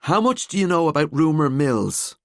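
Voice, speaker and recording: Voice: mid-range voice, sing-song, normal speed, no room sound, studio quality, voice pushed up. A man doing a brave young woman detective. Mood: calming. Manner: firm, urgent when shouting.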